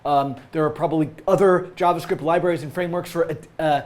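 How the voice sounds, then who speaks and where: A man's voice: a little high, fairly even intonation, quick pace. Scratchy-voiced man live-coding, chatty. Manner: chatty, thinking aloud with many fillers. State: scratchy voice from a cold. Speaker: coding tutorial host.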